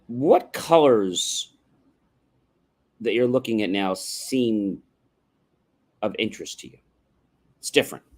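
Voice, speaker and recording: Slow and lowish with lively intonation, he leaves long pauses while hosting a motivational livestream over a livestream mic. He explains instructively, contrasting yes-no and open questions and often asking "right?" rhetorically.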